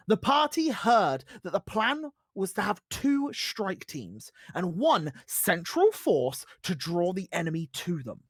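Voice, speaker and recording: Animated, dry-voiced tabletop game master. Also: medium pitch, dry recording.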